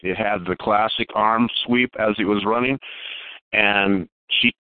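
A man calling in to tell a long personal story, halting and repeating words as he goes. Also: on the low side, steady tone, no room sound. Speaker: caller telling a Bigfoot encounter. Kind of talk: casual storytelling on a call. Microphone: phone. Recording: tinny dry phone line.

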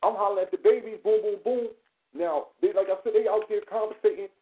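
A man telling a story in casual radio talk, animated and profane, acting out the dialogue as he goes. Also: high-pitched, fast talker, vocal fry. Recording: phone-like radio line.

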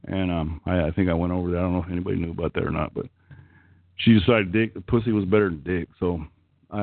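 A man's voice: on the low side, no echo. A middle-aged man with an Okie accent hosting a casual call-in chat, crude, profane and rambling. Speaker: call-in show host. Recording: tinny phone-like call line.

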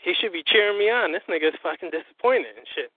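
A man, a guest on a call-in interview, telling his story in an animated, profane way and acting out what others said. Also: high-pitched, quick pace, slightly rough, no room sound. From US Northeast. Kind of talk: casual phone interview. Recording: tinny phone line.

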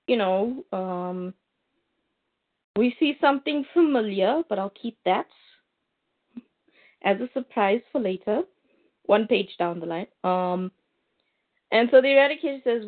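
A woman reviewing comics in a casual recap, retelling the plot with fillers and asides. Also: fairly high pitch. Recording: tinny phone-like line.

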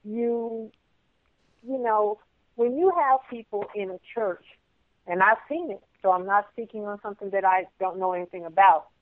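A woman speaking on a discussion show, emphatic and preachy, often dropping to a softer voice. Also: medium pitch, normal speed, dry recording. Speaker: guest. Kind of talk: casual discussion. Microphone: phone call. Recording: tinny phone line.

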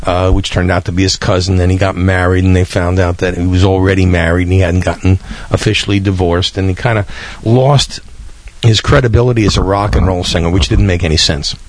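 A man's voice: deep voice, little pitch movement, brisk. Chatty older New man hosting. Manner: rambling, chatty, with fillers and small laughs. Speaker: podcast host. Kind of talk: casual radio-style podcast hosting.

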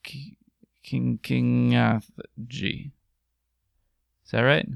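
A man's voice: medium pitch, fairly even intonation, drawn-out words, creaky, smooth, dry recording. A man hosting a podcast in casual chat, rambling, jokey and crude. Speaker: podcast host.

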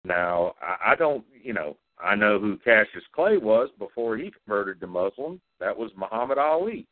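Blunt low-voiced man on a tinny line. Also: sing-song. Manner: blunt, profane, halting with fillers. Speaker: talk show co-host. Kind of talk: blunt opinionated talk. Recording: tinny phone-like, dry sound.

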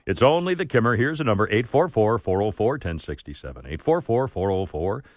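A man's voice: fairly low pitch, sing-song, brisk, dry recording. A man hosting a talk radio show, chatting casually and rambling with asides and restarts. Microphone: studio microphone.

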